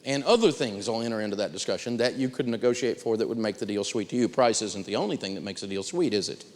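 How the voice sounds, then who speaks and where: A man teaching personal finance in a live seminar, telling stories with big swings in pitch. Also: fast, big-room sound.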